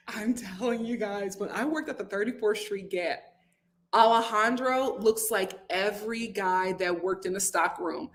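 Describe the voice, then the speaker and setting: A woman's voice: slow, long pauses. A young adult woman hosting a live reality TV review from home, chatting animatedly and reading viewer comments aloud. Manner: chatty and animated, jumps to high-pitched exclamations and acted quotes. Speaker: host. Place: home room, lit by a window.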